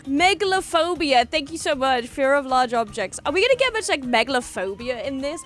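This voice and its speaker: Woman, reaction host, high bright voice, very animated, shouts when excited. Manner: bursts into excited shouts and squeals.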